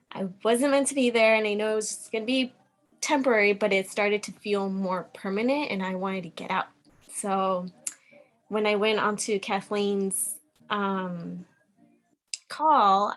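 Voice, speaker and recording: A woman's voice: medium pitch, fairly bright tone. A woman guest on a podcast call, sharing her personal story in a chatty, earnest way with lots of "like" fillers. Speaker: guest, program member. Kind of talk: casual personal testimony.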